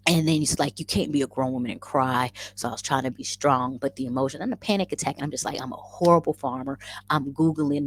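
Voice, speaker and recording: Husky low-voiced woman in her forties. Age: 40s. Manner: animated, expressive, self-mocking storytelling. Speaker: vlogger and rabbit farmer. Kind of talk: casual storytelling.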